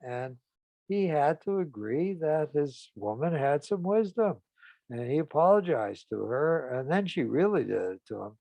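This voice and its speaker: A man telling a client's story and acting out each person's side of the dialogue with lively emphasis. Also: a little high, measured pace, vocal fry, no room sound. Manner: animated retelling, voices the people in the story with rising emphasis.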